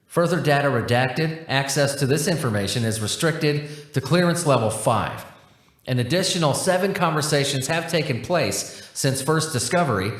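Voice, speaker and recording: A man narrating a horror story in a plain, measured reading voice. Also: mid-range voice. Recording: roomy echo.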